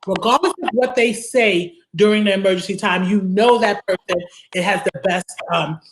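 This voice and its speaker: A woman with a strong Brooklyn accent speaks as an interview guest. She is emphatic and loops back on her words, ending points with a quick "right?". A faint noise sits under the voice. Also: medium pitch, low-quality recording. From Brooklyn, New York. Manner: emphatic, repeats words, tags statements with "right?". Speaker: attorney guest. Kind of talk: interview conversation.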